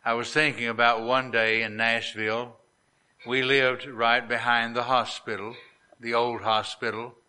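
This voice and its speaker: Slow, deliberate middle-aged preacher. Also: male voice, mid-range voice, level tone, sharp tone, clean tone. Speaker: pastor. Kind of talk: sermon storytelling.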